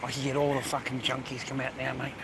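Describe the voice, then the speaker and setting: A man's voice: medium pitch, completely flat delivery, fast talker. A young man with an Australian accent, livestreaming from an outdoor city street and talking to his viewers in a laddish, swearing way. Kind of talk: live street-stream commentary. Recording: loud street traffic noise. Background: traffic and street ambience.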